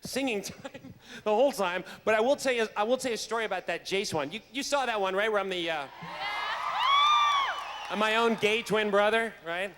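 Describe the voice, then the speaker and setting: Speaking at normal speed in a high-pitched voice, a convention guest actor tells a funny backstage anecdote from the stage. He's animated, laughs frequently, and restarts when he stumbles over words. The recording has a reverberant hall sound and faint crowd noise.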